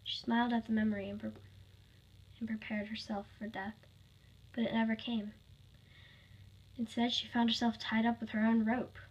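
A woman's voice: fairly high pitch, little pitch movement, moderate pace, long pauses, slightly rough, dull audio. A woman reading her own fan story aloud, plainly, with small slips.

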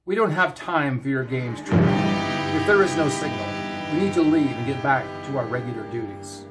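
A man's voice: mid-range voice, lively intonation, moderate pace, over loud music, lightly acted. A stern starship captain talks in short, impatient bursts, as a man reads him. His replies are curt and snapping. It is a fan story reading. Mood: irritated.

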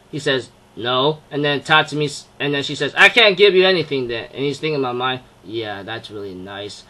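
A man's voice: a little high, bright, forceful tone. A young man casually reviewing an anime episode, rambling with lots of fillers and frequent laughs. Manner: rambling, laughs often, fillers like "you know, that kind of thing".

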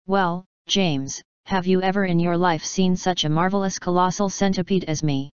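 A woman's voice: lowish voice, fairly even intonation, normal speed, clear, resonant tone, no room sound, muffled recording, natural voice. A woman reading the part of a boastful, teasing male centipede who crows and grins at everyone. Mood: gleeful boasting. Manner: loud, crowing, teasing.

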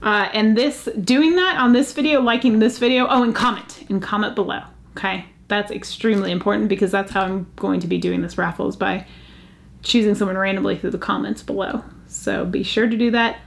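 A woman hosting a casual jewelry vlog, chatty and easily excited, gasping over pieces she finds. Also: medium pitch, a little fast, vocal fry. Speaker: jewelry channel host.

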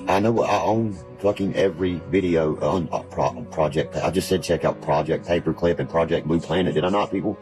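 This guest is a man from Virginia, specifically West Virginia, whose low voice moves briskly with few pauses. The rough recording has background music, and he rambles casually, swearing freely and spinning conspiracy theories.

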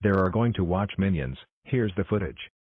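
Exclamatory man narrating homemade bloopers, low voice, muffled lo-fi audio. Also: animated, husky, no echo. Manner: exclamatory, hurried, calling cuts and takes. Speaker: creator directing a logo blooper video. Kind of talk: scripted fan cartoon narration.

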